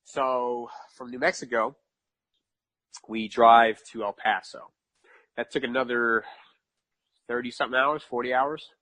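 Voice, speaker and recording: Animated man telling a rambling story. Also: mid-range voice, unhurried, pauses often, dry recording. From New York. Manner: animated, repeats phrases for emphasis, laughs at his own story. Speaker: podcast guest. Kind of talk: casual storytelling.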